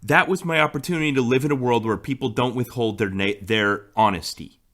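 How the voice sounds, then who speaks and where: A man's voice: medium pitch, a little fast, fairly bright tone. A man co-hosting a podcast, telling a story in casual chat and laughing often. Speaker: podcast co-host.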